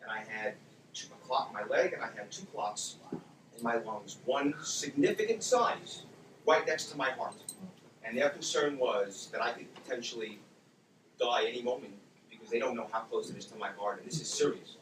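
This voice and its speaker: A man's voice: medium pitch, moderate pace. A man in his forties telling a personal story to an audience, acting out the voices of the people in it. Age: 40s. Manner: animated, acts out his own and others' words. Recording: roomy, distant, with background noise.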